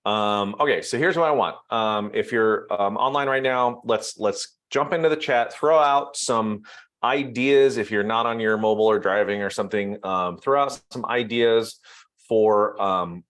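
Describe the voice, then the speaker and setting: A man giving a casual live online training, thinking aloud while he types and filling pauses with ums. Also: fairly low pitch, fairly bright tone. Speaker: real estate trainer.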